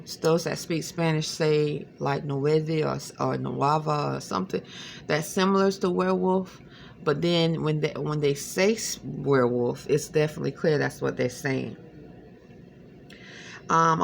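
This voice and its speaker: Halting, gravelly-voiced woman vlogging at night. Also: sits low, a little hiss or hum. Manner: hesitant, rambling, many fillers. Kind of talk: late-night personal monologue.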